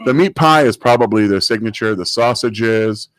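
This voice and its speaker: A man's voice: fairly low pitch, moderate pace, fairly bright tone. A man chatting casually as a guest, upbeat and jokey, talking up local events. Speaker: chamber of commerce guest. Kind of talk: casual chat.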